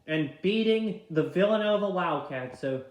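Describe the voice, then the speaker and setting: A young man with a fairly high voice talks through his bracket picks in a casual, chatty way. He moves quickly from game to game and keeps apologizing for tapping the wrong teams. The room around him sounds echoey. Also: lively intonation. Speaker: vlogger filling out a tournament bracket. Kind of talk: casual bracket-pick commentary.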